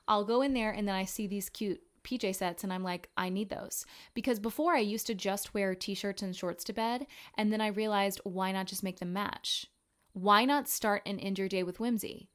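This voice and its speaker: A woman in her twenties hosting a casual podcast, talking frankly and profanely, rambling with quick asides and self-corrections. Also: medium pitch, fairly bright tone. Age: 20s. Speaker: podcast host. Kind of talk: casual chat.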